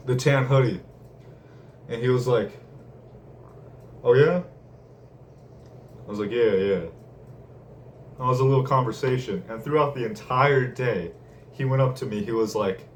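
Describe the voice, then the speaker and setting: A young man rambling casually with lots of slang and laughter while telling a story from his day. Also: lowish voice. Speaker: vlogger. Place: room at home. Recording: distant mic, faint room noise.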